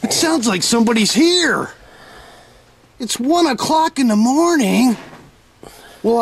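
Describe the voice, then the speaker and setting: A man narrating a crude comedy video, shouting rhyming insults with exaggerated outrage. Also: very high-pitched, background noise.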